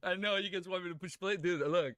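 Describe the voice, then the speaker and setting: A young man live-streaming his reaction, excitable, swearing and laughing often, teary-eyed. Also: sits high, fast, clean tone, no echo. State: tearful.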